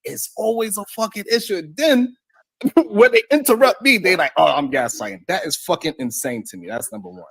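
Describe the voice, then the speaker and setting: A man's voice: high-pitched, big pitch swings, brisk, fairly bright tone, breathy edge, no echo. A man in a replayed clip making his points one by one, heated and swearing. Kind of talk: heated discussion.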